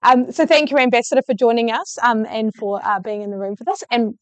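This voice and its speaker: A woman's voice: a little high, fairly quick, dry recording. A woman with a New Zealand accent, a business journalist who hosts the interview in a friendly way and laughs often. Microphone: no microphone, room.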